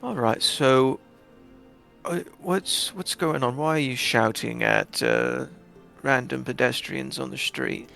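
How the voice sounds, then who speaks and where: A towering orc guard questions strangers with calm courtesy and a firm undertone, as a man puts him on. His voice is gravelly and slightly raised above its usual level. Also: medium pitch, faint music behind, full character voice. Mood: questioning. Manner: courteous, measured, mildly stern. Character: towering polite male orc city guard.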